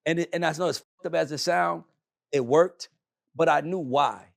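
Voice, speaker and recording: A man's voice: a little high, normal speed, vocal fry, dry recording, studio quality. A man, a podcast guest, telling his life story bluntly and emphatically, swearing freely as he talks. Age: adult. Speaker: podcast guest, music manager. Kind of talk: candid conversational storytelling.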